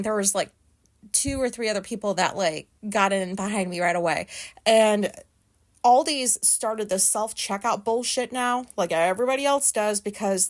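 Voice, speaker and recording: A woman's voice: a little high, a bit bright. A woman venting in a casual, profane rant, agitated and exasperated, full of "like" fillers. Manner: profane, exasperated ranting with frequent "like". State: agitated, pissed off. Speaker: vlogger.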